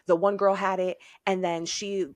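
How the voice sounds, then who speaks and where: A woman's voice: mid-range voice, little pitch movement, moderate pace, no room sound. Chatty woman co-hosting a sports podcast. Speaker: podcast co-host. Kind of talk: casual sports chat.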